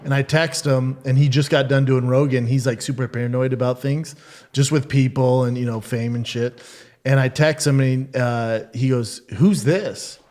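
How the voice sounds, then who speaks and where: Blunt cursing guy telling a story, teasing the others, mid pitch. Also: little pitch movement, moderate pace, darkish tone. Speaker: podcast co-host and guest. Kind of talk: casual chat.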